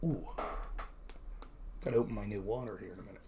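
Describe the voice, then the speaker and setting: A man's voice: lowish voice, fast, gravelly, background noise. A man hosting a livestream of political commentary, talking casually and sarcastically while answering viewer comments. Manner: sarcastic, mocking, reads chat aloud.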